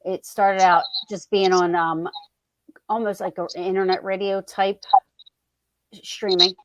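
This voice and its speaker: A chatty, sociable woman from New Jersey, talking as a guest on a video call. Her voice is mid-pitched and sounds dry and close. She speaks casually and laughs easily. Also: level tone, unhurried, no room sound. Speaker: podcast host guest.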